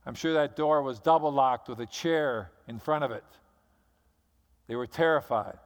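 A man's voice: medium pitch, moderate pace. A man preaching a sermon as pastor, telling the story dramatically and acting out the scenes. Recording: long hall reverb.

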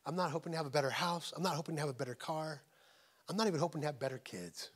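High-voiced middle-aged man preaching. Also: racing. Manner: swings from urgent, raised emphasis to hushed, near-whispered intimacy; repeats phrases for emphasis. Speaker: guest pastor. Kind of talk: sermon. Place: church service.

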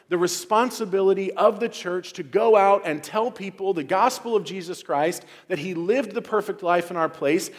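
Man preaching with a fairly high voice. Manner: dynamic preaching, swinging from soft and low to loud and emphatic. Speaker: pastor. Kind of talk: sermon. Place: church sanctuary.

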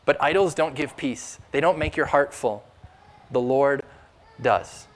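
Male pastor, mid-pitched, earnest sermon delivery with emphatic questions. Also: unhurried.

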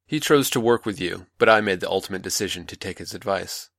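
A man playing a manipulative older male mentor, calm, patronizing and coaxing, in a dry close recording. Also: sits low, fast, creaky, dry recording.

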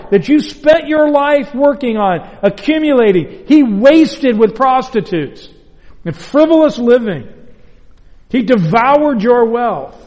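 A bitter, indignant older brother, as a preacher puts him on, his voice pushed high as he piles up complaints. He speaks slowly and pointedly, and a long hall reverb trails each line. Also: darkish tone, heavily acted. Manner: indignant, complaining, rising emphasis. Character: bitter resentful older brother, young man.

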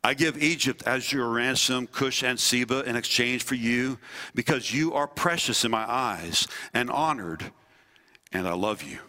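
A man, a pastor and former army chaplain, preaching a sermon with earnest delivery, slowing and dropping low on key phrases. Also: pushed and bright. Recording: long hall reverb.

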